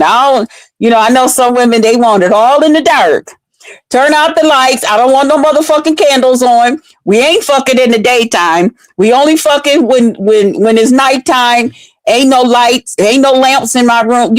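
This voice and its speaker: A woman's voice: on the high side, no room sound. A woman talking to her viewers in blunt, profane, unfiltered casual commentary. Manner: blunt, profane, chatty, addresses viewers directly. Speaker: online commentary host.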